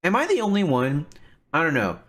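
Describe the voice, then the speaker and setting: A man hosting a casual commentary stream, animated and quick to laugh. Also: a little high. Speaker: stream host.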